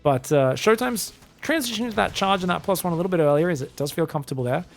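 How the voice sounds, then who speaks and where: Gravelly, high-voiced male game caster. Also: expressive, faint music behind. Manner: chatty, joking, quick play-by-play. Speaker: esports caster. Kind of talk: live game commentary.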